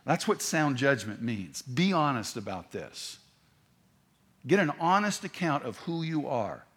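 A man's voice: medium pitch, very animated, unhurried, a bit bright, breathy edge. A man preaching a sermon, talking in a conversational way with asides and restarts. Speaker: pastor.

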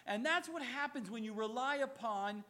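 A man preaching a sermon in an animated, emphatic way, often stopping to correct himself. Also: very high-pitched, normal speed. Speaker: pastor.

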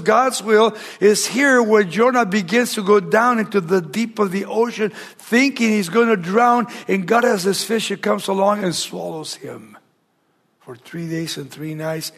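A male pastor delivering a sermon in a high, gravelly voice. He asks the congregation rhetorical questions and sometimes sinks to a hushed near-whisper to press a point. His tone has a husky, rough edge throughout.

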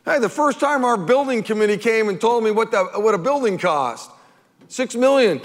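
A man preaching a sermon as pastor, animated and emphatic, firing off rhetorical questions at his congregation. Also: high voice, normal speed, in a large hall.

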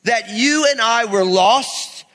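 A man from New York preaching a sermon as pastor, animated and conversational, acting out stories. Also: very high-pitched, slow pace, big-room sound. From New York area. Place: church sanctuary.

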